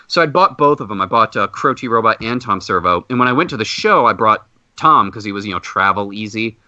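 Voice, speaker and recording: A man hosting a podcast, telling a long casual story and acting out loud exclamations. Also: lowish voice, brisk, dry recording. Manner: animated anecdote with loud acted-out exclamations. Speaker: podcast host. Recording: dull muffled podcast audio.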